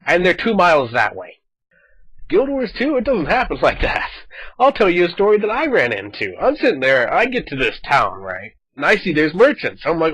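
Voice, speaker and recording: A man chatting casually over his gameplay footage, animated and talkative, acting out quoted lines as he goes. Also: a little high, normal speed, slightly rough, no room sound, rough recording. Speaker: gaming video host.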